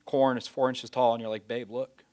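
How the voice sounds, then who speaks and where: A man preaching a sermon, folksy in his phrasing, swinging from loud pleading to hushed, near-whispered lines. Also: mid-range voice, little pitch movement, fairly quick, clear, resonant tone.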